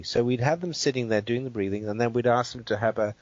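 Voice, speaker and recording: A man who is a guest expert, calmly walking through a guided exercise and checking in with the listener as he explains. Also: medium pitch, no room sound. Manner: measured and explanatory, checks in with "right?". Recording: dull, dry interview audio.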